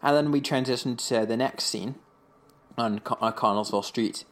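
A man co-hosting a podcast, recapping an episode in casual chat, rambling with lots of fillers and slipping into quick voices for quotes. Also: mid-range voice, a bit bright. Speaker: podcast co-host.

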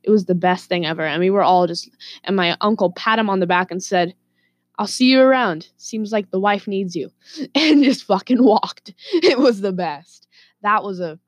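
Low-voiced profane woman vlogger. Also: no echo. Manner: profane, animated, laughing asides. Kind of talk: casual storytelling to camera.

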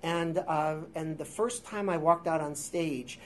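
High-voiced man in his forties, rambling. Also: unhurried, slight background noise. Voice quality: high-pitched voice. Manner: rambling, self-deprecating, with filler words and restarts. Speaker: guest improviser. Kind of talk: casual interview storytelling. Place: theater workshop space before a live audience.

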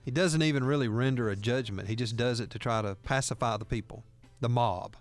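A man's voice: mid-range voice, a little fast, faint music behind. Earnest male radio talk host. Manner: earnest, reads scripture aloud. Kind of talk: radio talk, scripture teaching.

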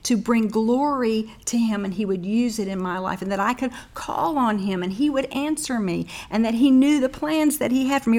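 Middle-aged woman bible teacher, kinda high voice, tells her story slow and earnest. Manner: earnest storytelling, slows down on key points.

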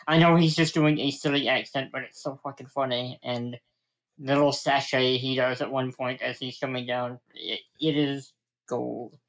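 A man in casual conversation on a podcast, easygoing and agreeable as he weighs in on a film. His pitch sits in an ordinary middle range. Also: fairly even intonation, normal speed, fairly bright tone, poor audio. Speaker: podcast co-host. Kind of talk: casual film-review chat.

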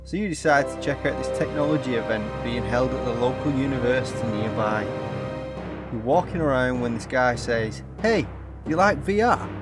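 A man's voice: mid-range voice, moderate pace, over loud music. A man, co-hosting a podcast and setting up an improvised scenario in a chatty way. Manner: chatty, second-person scene-setting. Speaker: podcast co-host.

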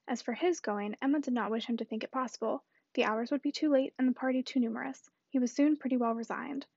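A woman narrating a classic novel aloud in a brisk, steady reading. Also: fairly high pitch, creaky, no echo, muffled recording. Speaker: audiobook reader.

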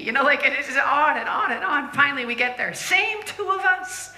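Female preacher, animated storyteller, slightly high voice, roomy church sound. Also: moderate pace, few pauses. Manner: lively, laughing, acts out quoted voices. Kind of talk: sermon storytelling.

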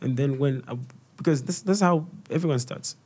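A man's voice: a little high, moderate pace, darkish tone, slightly rough. A young Zambian man with a Zambian accent, a comedian being interviewed, telling stories casually and slipping into a local language for quoted voices. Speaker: guest comedian and content creator.

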